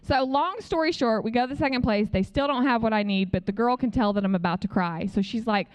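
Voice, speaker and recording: A woman preaching in a conversational way, telling a personal testimony as an animated story and acting out what other people said. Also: on the high side, fast talker, clear, resonant tone. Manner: frequent "like" fillers. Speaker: speaker sharing a testimony.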